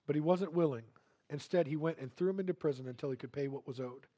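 Delivering a sermon at a quick pace, this man has a notably high voice. He shifts back and forth between soft, whispered storytelling and loud bursts of emphatic preaching.

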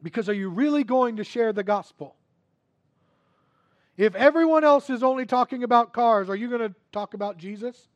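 A man preaching a sermon to a church congregation, earnest and repetitive, swinging between hushed asides and loud emphasis. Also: very high voice, normal speed, dry recording.

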